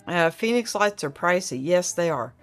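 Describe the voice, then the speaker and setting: A woman's voice: fairly low pitch, animated, normal speed, a bit bright, soft background music. A middle-aged woman, hosting a casual livestream chat and reading viewer comments aloud in a rambling, friendly way. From Oklahoma.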